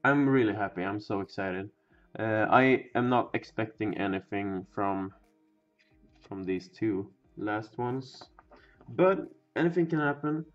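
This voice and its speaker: A young man casually narrating as he opens card packs, rambling and swearing, and sometimes bursting into loud excitement. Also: on the low side, measured pace. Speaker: pack-opening video host. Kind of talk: casual card-opening commentary. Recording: dull lo-fi sound with faint music.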